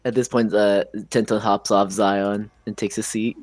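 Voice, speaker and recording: A man's voice: lowish voice, flat delivery, normal speed, darkish tone, dry recording. A man playing a tabletop game, talking in a laid-back, joking way. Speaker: player. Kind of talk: casual tabletop play.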